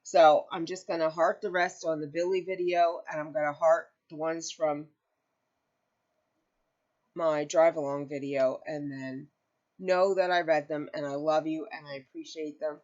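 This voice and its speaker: A woman chatting to her viewers from home in a lowish voice, rambling and heartfelt. She sounds close to tears at times. The home-video audio is dull and lo-fi. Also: steady tone, measured pace, a little mellow. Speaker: crochet vlogger. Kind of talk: casual chat to camera. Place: home, with pets nearby.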